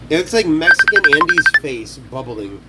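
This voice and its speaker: A young man live-streams from his home kitchen while cooking. He is rowdy and profane, and his slightly high voice swoops up and down. The phone audio has clear background noise. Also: big pitch swings, normal speed. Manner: rowdy, profane, trash-talking. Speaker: livestreamer.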